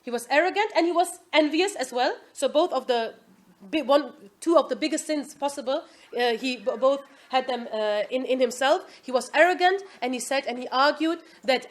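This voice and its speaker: High-voiced woman teaching an Islamic class. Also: moderate pace. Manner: asks the class "Yes?" often, lively quoting. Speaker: religious teacher.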